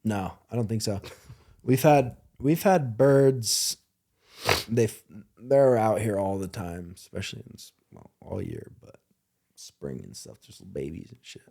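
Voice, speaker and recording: A man hosting a podcast in casual chat, animated and joking, often laughing and swearing. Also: fairly low pitch, measured pace, vocal fry. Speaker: podcast host.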